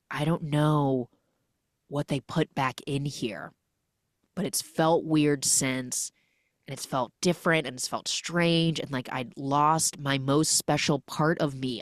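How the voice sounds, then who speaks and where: A woman's voice: very deep voice, dry recording, clean studio sound. A woman voicing a heartsick young woman who rambles through her feelings, in a recap retelling.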